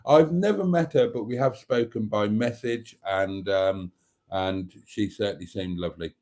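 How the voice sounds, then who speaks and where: A man's voice: fairly low pitch, moderate pace, a little mellow. A man hosting a casual live stream, reading viewer comments aloud and chuckling often.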